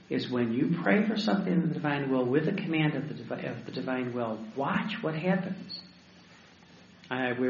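A man's voice: medium pitch, slight background noise. A man, a deacon, giving a sermon-style talk, telling stories with frequent restarts and fillers. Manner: storytelling, halting with many restarts and fillers. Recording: echoey room, dull lo-fi with faint ambience.

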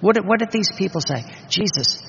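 A man's voice: high voice, lively intonation, a little fast, creaky, background noise. A man preaching a sermon, emphatic and full of rhetorical questions. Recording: dull reverberant hall recording.

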